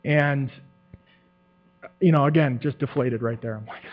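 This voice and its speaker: A man's voice: mid-range voice, measured pace, pauses often. A man giving a testimony to a church group, telling his story with animation, acting out quotes and laughing often. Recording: tinny phone-like sound with mains hum.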